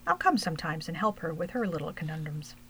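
A woman's voice: low voice, big pitch swings, fast talker, slight background noise, heavily acted. Old Riddler, a woman reading an earnest old gnome. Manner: earnest, gentle storybook advice.

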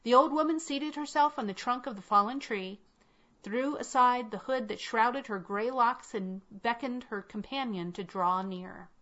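A woman's voice: a little high, unhurried, bright, forceful tone. Woman reading a classic tale, lo-fi. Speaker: audiobook reader. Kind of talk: scripted narration of a classic tale. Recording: dull lo-fi recording.

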